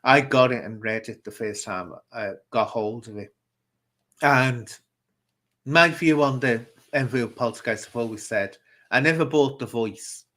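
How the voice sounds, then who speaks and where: A man from the UK hosts a casual live-stream chat. He talks in a chatty, opinionated and rambling way, stopping to read out comments from viewers. His voice sits at an ordinary middle pitch. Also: measured pace, fairly bright tone. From United Kingdom.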